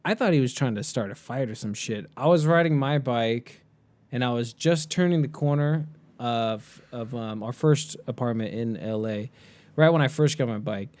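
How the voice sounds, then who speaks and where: A man's voice: mid-range voice, normal speed, darkish tone. Chill podcast cohost guy, rambles, swears, average voice. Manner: laid-back, profane, rambling. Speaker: podcast co-host. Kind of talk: casual chat.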